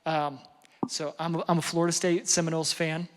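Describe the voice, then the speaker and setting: A man's voice: fairly high pitch, a little fast. A middle-aged man giving a casual parenting seminar, conversational and self-deprecating, with lots of fillers and "right?" checks. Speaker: parenting workshop speaker. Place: large hall before an audience. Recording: long hall reverb.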